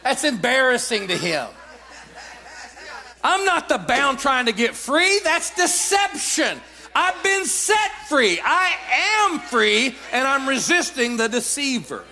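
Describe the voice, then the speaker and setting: Male preacher, shouted exhortations, high bright voice, swinging pitch. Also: very animated, takes it slowly, vocal fry. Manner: emphatic, often shouting declarations; repetitive call-and-response exhortation. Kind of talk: sermon.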